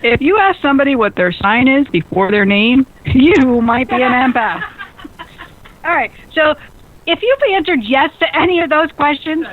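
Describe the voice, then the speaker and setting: A woman hosting a radio show, chatty and excitable, quick to laugh. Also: high-pitched, slight background noise. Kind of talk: lively casual radio chat. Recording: phone-like narrow band radio sound.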